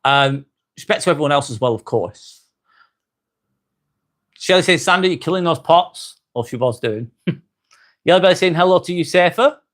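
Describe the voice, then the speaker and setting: A man's voice: fairly high pitch, expressive, moderate pace, pauses often, a bit bright. A young English man hosting a casual livestream, chatting and reading out viewers' comments with frequent fillers and repeated phrases. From England. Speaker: livestream host.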